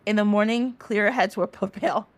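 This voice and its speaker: A woman's voice: medium pitch, fairly even intonation, normal speed, dry recording, lightly acted. A woman voicing a mischievous, evasive male trickster god who brushes off blame. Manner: offhand, evasive, whiny.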